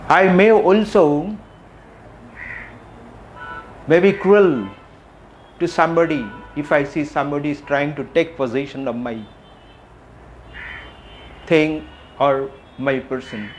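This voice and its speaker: A middle-aged man speaks in a reflective public talk, his voice sitting a little high. He poses questions, repeats phrases and pauses often. A faint noise hums under the recording.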